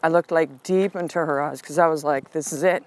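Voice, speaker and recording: In a low-quality recording, a middle-aged woman with a deep voice tells a personal story. She's a podcast host and coach, candid and animated at first, then quiet and unhurried as she offers calm affirmations.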